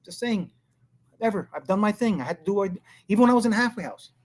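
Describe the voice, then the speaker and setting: A man's voice: high voice, lively intonation, quick pace, a little mellow. Rambling blunt male commentary host. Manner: rambling, blunt, breaks into laughter. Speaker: show host. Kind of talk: casual political commentary.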